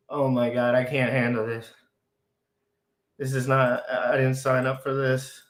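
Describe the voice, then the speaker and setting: A man's voice: mid-range voice, unhurried, long pauses, reverberant. Frantic, overexcited man streaming live. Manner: frantic, shouting with excitement, repeating phrases. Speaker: crypto livestream host. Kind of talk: excitable live stream chat.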